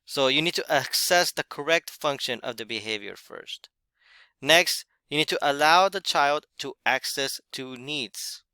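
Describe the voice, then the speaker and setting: A man giving a recorded class presentation, explaining in a measured way with occasional fillers. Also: medium pitch, pushed and bright, clear, resonant tone, no room sound.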